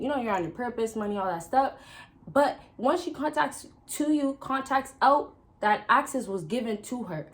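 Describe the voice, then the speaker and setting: A woman vlogger giving casual dating advice straight to her viewers, chatty and direct, often calling out to the guys and checking in with a quick question. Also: fairly high pitch. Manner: chatty, repeatedly addresses "fellas" and checks with "right?". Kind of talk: casual advice talk to camera.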